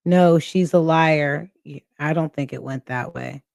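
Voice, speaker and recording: A woman's voice: deep voice, creaky, a little mellow, no echo, clean studio sound. A woman hosting a reaction livestream, talking critically and with exasperation to her viewers. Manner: slow, critical, exasperated commentary. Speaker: reaction channel host. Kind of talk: casual commentary to livestream viewers.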